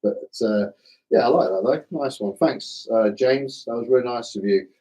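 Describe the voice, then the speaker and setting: A middle-aged man with a slightly hoarse voice, hosting a live stream in a casual, self-deprecating way and chatting with viewers like old mates. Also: medium pitch, normal speed, dark tone, poor audio. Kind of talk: casual live chat reading viewer comments.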